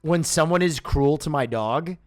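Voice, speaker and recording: A young man in casual chat, telling profane, animated stories about his dog. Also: a little high, measured pace, soft background music. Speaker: streamer co-host.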